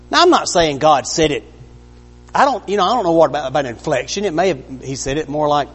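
A man's voice: fairly high pitch, lively intonation, fast talker, breathy edge. A man preaching an earnest, conversational sermon, acting out the lines he quotes. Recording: long reverb of a large hall.

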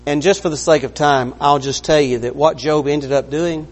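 A man's voice: a little high, fairly even intonation, moderate pace. A man preaching an earnest, conversational sermon, acting out the lines he quotes. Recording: long reverb of a large hall.

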